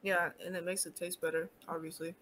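A woman's voice: on the low side, level tone, a little fast, fairly bright tone. A woman chatting casually with a stranger, playful and going along with the jokes. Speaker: video chat stranger. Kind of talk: casual chat.

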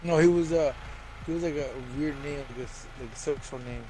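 A man playing a horror game with friends over voice chat, excitable and crude in his trash talk. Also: a little high, brisk, low-quality recording. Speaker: co-streamer teammate. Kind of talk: casual gaming banter over voice chat.

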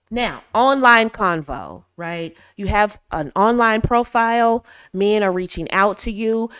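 A woman's voice: mid-range voice, fairly bright tone, smooth, no room sound, studio quality. An American woman in her thirties, hosting and giving confident, casual dating advice to women, often laughing and acting out bits of dialogue.

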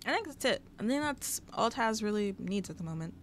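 A woman giving casual, sassy Let's Play commentary, scolding the characters in her game out loud, recorded on a headset mic. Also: mid-range voice, animated, brisk, a little hiss or hum. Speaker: gaming YouTuber.

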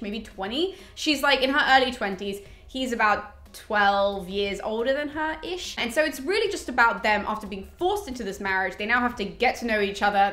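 A woman's voice: on the high side, a bit bright, reverberant. A young woman hosting a book review channel, chatting casually and upbeat with plenty of fillers, her voice slightly cracking from a cold. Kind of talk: casual chat to camera.

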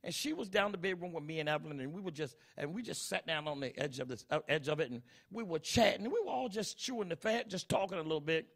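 A man's voice: on the high side, lively intonation, fast, creaky, hardly any pauses, a bit bright. A middle-aged man preaching a sermon as pastor, emphatic and full of rhetorical questions to the congregation.

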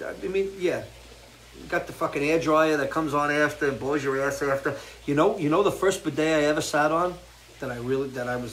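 A man hosting a casual live chat with viewers, rambling and crude, jumping from loud, animated outbursts to low mutters. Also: slight background noise, rough recording. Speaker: host.

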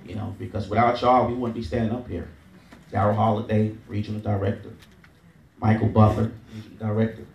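A man's voice: on the low side, level tone, brisk, darkish tone, dull audio. Man leading a crowd in an echoey hall. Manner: repetitive, drills the crowd with chants and okays. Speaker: trainer at a sales event. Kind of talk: call-and-response seminar training. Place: large event room with an audience. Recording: echoey hall, mic at a distance.

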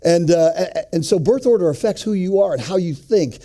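A man's voice: sits high, animated, brisk, warm tone. A middle-aged man giving a joking, sermon-style talk to a men's group, often putting questions to the audience. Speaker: men's ministry speaker.

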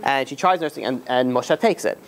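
A man leads an informal class as a rabbi, telling the story in a loose, chatty way. He drops into the characters' quoted words and answers students' questions, with a mid-pitched voice picked up on a close mic in a classroom. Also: animated, brisk, creaky.

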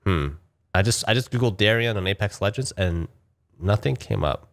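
A man giving casual, excitable commentary over gameplay, talking to his viewers and speculating. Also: lowish voice, normal speed, creaky. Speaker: gaming YouTuber.

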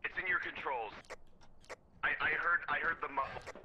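A man's voice: on the high side, normal speed, bright, forceful tone, dull audio. A man playing a game with friends, earnestly explaining and protesting in casual chat.

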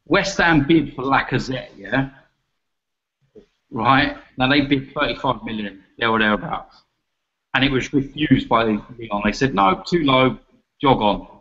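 A man's voice: medium pitch, unhurried, sharp tone. A man in a heated football debate, mocking and ranting, with the odd swear. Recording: muffled lo-fi audio.

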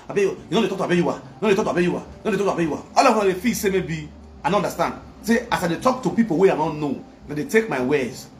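A man with a Nigerian Pidgin English accent, talking loudly and repeating himself in a casual live video rant from his phone. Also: sits high, slight background noise. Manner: loud, emphatic, repetitive preaching. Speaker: social media commentator.

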